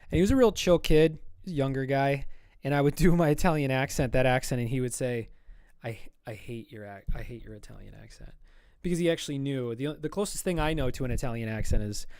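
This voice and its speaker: Chatty man streamer, self-mocking, mid-pitched, dry close mic. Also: a little mellow, smooth, no echo. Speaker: streamer and artist. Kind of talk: casual livestream chat while drawing.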